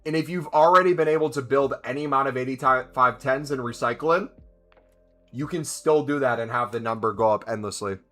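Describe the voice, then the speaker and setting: A man's voice: mid-range voice, pushed and bright. A man streaming a video game, chatting casually and answering viewers' questions as he plays. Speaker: gaming streamer. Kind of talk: casual live-stream commentary.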